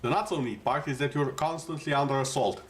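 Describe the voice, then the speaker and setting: Man, game streamer, casual commentary, chatty and joking, average pitch. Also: fast talker. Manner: relaxed, rambling, jokey asides to chat.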